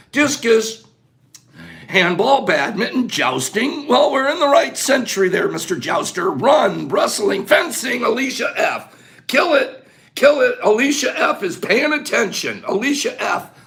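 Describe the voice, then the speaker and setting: A man hosting a casual live stream, greeting viewers by name and running a quick quiz with lively banter. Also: sits high. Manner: animated, shouts out viewer names, quick game-show banter. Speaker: livestream host.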